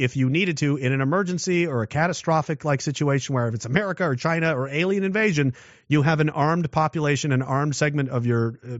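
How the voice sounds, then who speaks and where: A man's voice: medium pitch, dry recording. Rambling man, dull dry audio. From Canada. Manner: rambling, with frequent restarts and rhetorical questions. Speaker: commentator. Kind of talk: political commentary monologue.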